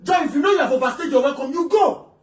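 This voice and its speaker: A woman playing an exasperated female relative who scolds two quarrelling wives, shouting and stammering repeats. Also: sits high, fast talker, lightly acted. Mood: scolding. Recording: roomy room, voice from a distance.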